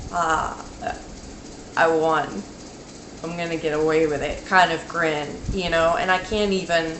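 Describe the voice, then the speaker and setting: A woman vlogger recounting a dream in casual speech, halting and rambling, with many "like"s and restarts. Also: medium pitch, fairly bright tone. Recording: echoey room with faint noise.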